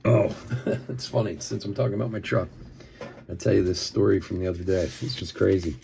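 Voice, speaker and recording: A deep, warm voice with vocal fry comes from a Philly-area host opening cards on a live stream, and a little hiss or hum sits in the background. He talks a bit fast, rambling through a story, chuckling often, and saying "like" over and over.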